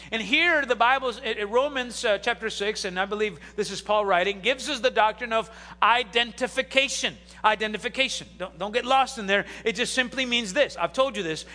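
A man pastor preaching an animated sermon, swinging between loud bursts and quiet asides, recorded in a large church hall. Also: very high voice.

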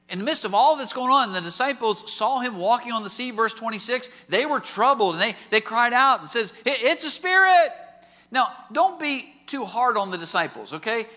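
Bright high-voiced male preacher in a hall. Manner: animated storytelling with rhetorical questions. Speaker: pastor. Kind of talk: sermon. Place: large auditorium.

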